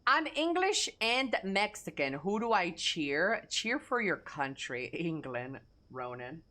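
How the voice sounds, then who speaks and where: A woman's voice: on the low side, very animated, slow, sharp tone. A young woman streamer chatting casually with her live chat, reading messages aloud, answering offhand and swearing freely.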